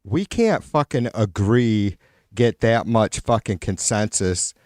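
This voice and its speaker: A man's voice: lowish voice, animated, slow, darkish tone, no room sound, studio quality. A man hosting a live stream, ranting casually and profanely with sarcastic exasperation, often trailing off and restarting.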